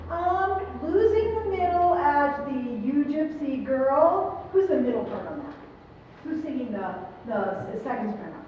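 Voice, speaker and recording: Unhurried and expressive, a middle-aged woman with a high voice gives a choir encouraging clinic feedback, questioning the singers as she goes. She's recorded on a distant room mic in a large performance hall, with echo, muffling and slight background noise.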